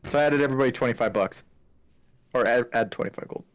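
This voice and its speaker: A man playing a tabletop game with friends, playful and quick to laugh. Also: mid-range voice. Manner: giggly, playful, swings up into laughter. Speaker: player. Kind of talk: casual tabletop game chat.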